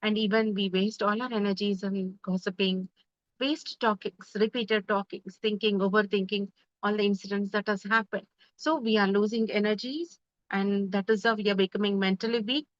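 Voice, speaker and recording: A woman's voice: medium pitch, steady tone, normal speed, no room sound. A woman giving a spiritual talk as a meditation teacher, earnest and full of rhetorical questions. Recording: dull, dry sound.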